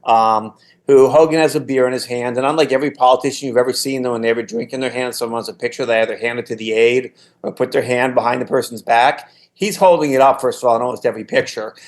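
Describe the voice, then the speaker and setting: A man's voice: mid-range voice, fast. Older man telling political stories. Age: 60s. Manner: anecdotal storytelling with frequent restarts. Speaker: guest, former political staffer. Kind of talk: casual podcast conversation.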